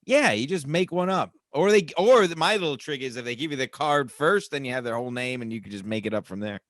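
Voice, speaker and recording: A man's voice: mid-range voice, expressive, fast talker, fairly bright tone, no echo, clean studio sound. A man co-hosting a podcast who chimes in with jokes. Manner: laughing, chiming in. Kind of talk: casual podcast chat.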